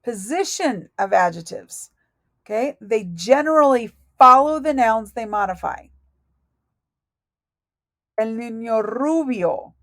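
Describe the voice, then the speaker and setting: A woman teaching a Spanish lesson from her notes, speaking slowly and deliberately and correcting herself aloud as she goes. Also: on the high side, expressive, a bit bright, no echo. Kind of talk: recorded lesson reading through notes.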